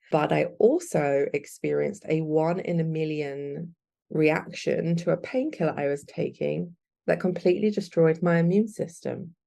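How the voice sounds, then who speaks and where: Young woman guest, low husky voice with fry, mellow tone, earnest and candid. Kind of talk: personal storytelling.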